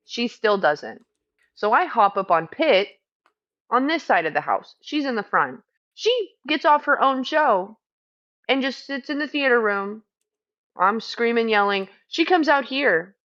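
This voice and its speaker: A woman who works as a camp medic, retelling a clash in casual chat, swearing freely and talking fast when heated. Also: a little high, expressive, fairly bright tone, muffled recording. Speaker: house medic at a streamed camp.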